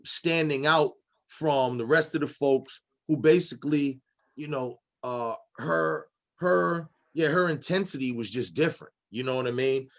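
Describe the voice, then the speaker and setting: A man hosting a casual panel discussion, rambling with many fillers and restarts. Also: mid-range voice. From Boston. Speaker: discussion host.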